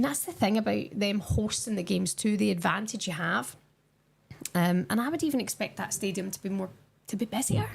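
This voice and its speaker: A woman's voice: mid-range voice, gravelly, husky. A young woman chatting casually with her viewers on a live stream while she watches a football match and answers their comments.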